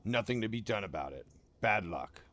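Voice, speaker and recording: A man voicing a gruff, stubborn older ship captain in a game, speaking in a low, slow drawl with folksy slang. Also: expressive, fairly bright tone, slight background noise.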